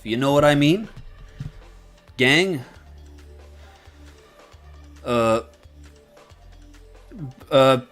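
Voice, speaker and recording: A man chatting casually with viewers on a livestream, thinking aloud and rambling with many fillers and restarts. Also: a little high. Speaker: streamer and video essayist.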